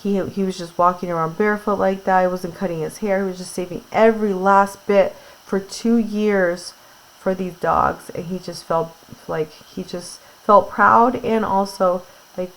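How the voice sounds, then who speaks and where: A woman's voice: mid-range voice, fairly even intonation, moderate pace, low-quality recording. A woman teacher reading a novel aloud and retelling parts of it in casual words, with fillers. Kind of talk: classroom read-aloud with retelling.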